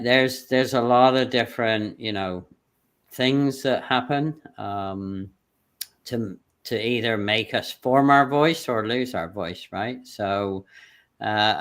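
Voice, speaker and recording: A British man hosting a livestream interview over a video call, speaking loosely with many fillers and pauses. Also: fairly low pitch, a bit bright, smooth. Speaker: livestream host.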